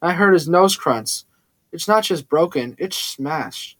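Cool commanding woman, male narrator, voice a touch high. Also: expressive, slow, fairly bright tone, no room sound, exaggerated voice. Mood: impressed. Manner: cool and cold.

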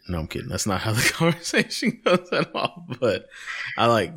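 A man's voice: on the low side, normal speed. A man co-hosting a casual podcast chat, telling stories with acted-out dialogue and plenty of swearing. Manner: animated storyteller, acts out dialogue, swears freely. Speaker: podcast co-host.

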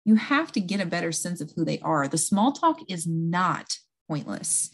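A woman's voice: fairly low pitch, big pitch swings, normal speed, slightly rough. A woman talking casually and earnestly, explaining things step by step with a self-aware touch.

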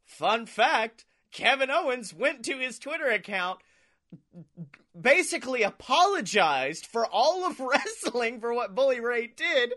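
A man co-hosting a casual podcast, talking in a high, ringing voice. He is animated, laughs often and acts out what other people said. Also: slow pace. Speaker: podcast co-host. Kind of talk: casual chat.

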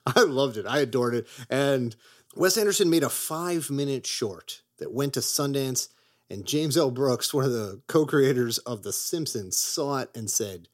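A man's voice: medium pitch, lively intonation, a little slow. Man, casual podcast co-host, enthusiastic, rambling, swears freely. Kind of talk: casual movie chat.

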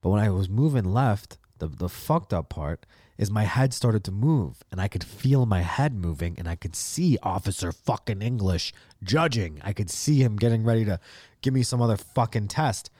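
Animated, profane man telling stories. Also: on the low side, moderate pace, husky, dry recording, studio quality. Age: late 20s. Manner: profane, animated, acts out quotes. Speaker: podcast host. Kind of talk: casual storytelling monologue.

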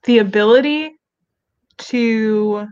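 A woman's voice: fairly high pitch, darkish tone, clean tone, dry recording, lo-fi sound. A woman co-hosting a podcast in casual chat, playful and joking. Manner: playful, joking, quick to laugh. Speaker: podcast co-host.

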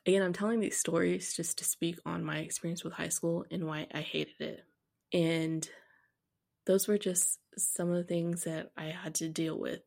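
A woman's voice: fairly low pitch, level tone, unhurried, gravelly, a little mellow. A young woman, a podcast host telling her own story candidly and bluntly, laughing now and then. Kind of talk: personal storytelling.

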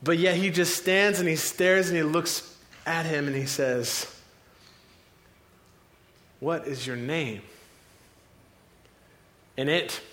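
A male preacher retelling a scripture story vividly, like a film scene, with dramatic pauses. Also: on the high side, fairly bright tone.

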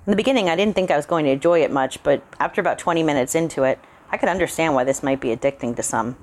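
Low-voiced woman reading a horror story. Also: rapid-fire, few pauses, slight background noise. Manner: calm first-person narration.

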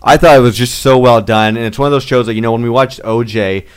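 A man's voice: mid-range voice, fast, clean tone. A man co-hosting a podcast, chatting casually with plenty of fillers and restarts. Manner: rambling, filler-heavy. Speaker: podcast co-host. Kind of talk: casual chat.

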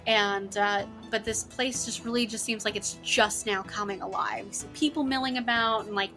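A woman's voice: medium pitch, steady tone, normal speed, music in the background. A woman narrating a tabletop game as game master, rambling loosely with lots of filler words.

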